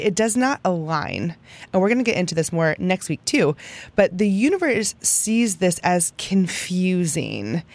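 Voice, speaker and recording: A young adult woman hosting a podcast, teaching in a chatty, upbeat way and often tagging lines with "right?". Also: fairly low pitch. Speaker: podcast host. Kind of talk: casual teaching monologue.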